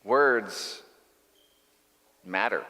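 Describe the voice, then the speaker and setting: A male pastor preaches with a bright, forceful tone, landing short and punchy phrases as he tells a story. His voice rings out with a long reverb through a large church hall. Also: fairly low pitch, very slow. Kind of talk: sermon.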